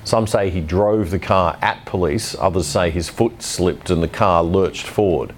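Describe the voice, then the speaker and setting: A man's voice: sits low, unhurried, a little hiss or hum. A man hosting a news commentary show, delivering opinionated scripted commentary in a blunt manner.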